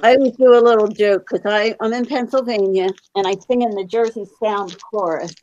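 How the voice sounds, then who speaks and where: A woman's voice: mid-range voice, fairly even intonation, fairly quick, darkish tone, lo-fi sound, slight background noise. Matter-of-fact woman from Philadelphia. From Northeast Philadelphia. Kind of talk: casual group chat.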